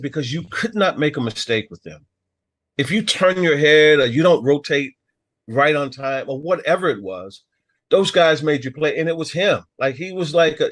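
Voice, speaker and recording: A man's voice: a little high, a bit bright. A man answering in an interview, speaking emphatically and admiringly.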